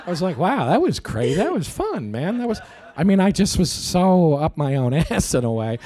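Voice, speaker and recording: A middle-aged man telling a story with great animation, his voice running high and leaping across a wide range as he acts out scenes. He laughs and swears freely in a loose, casual way. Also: sing-song, moderate pace, dark tone. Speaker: actor telling stories. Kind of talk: casual anecdote in an interview.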